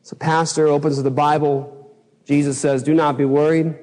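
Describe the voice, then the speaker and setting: A man's voice: a little high, little pitch movement, normal speed, a little mellow, long reverb tail. A man preaching a sermon as pastor, impassioned, acting out his own past outbursts in a raised voice. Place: church sanctuary.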